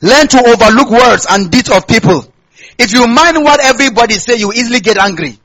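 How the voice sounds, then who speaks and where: A man's voice: extremely high pitch, animated, brisk, fairly bright tone, low-quality recording. A male pastor from Nigeria with a Nigerian accent, preaching a sermon and tossing questions back to the congregation.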